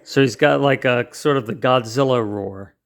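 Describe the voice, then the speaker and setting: A man's voice: mid-range voice, normal speed. A man hosting a casual toy review, chatting and explaining the features step by step as he handles the toy.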